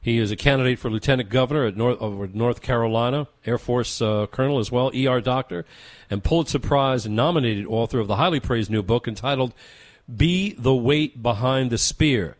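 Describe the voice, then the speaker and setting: A man's voice: medium pitch, a little fast, no echo. A man hosting a talk radio show, delivering opinionated commentary with emphatic, rhetorical repetition.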